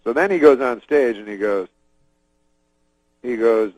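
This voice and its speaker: A comedian from Canada telling a rambling deadpan story as a talk-show guest, full of fillers and restarts. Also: male voice, mid-range voice, measured pace, no room sound, lo-fi sound.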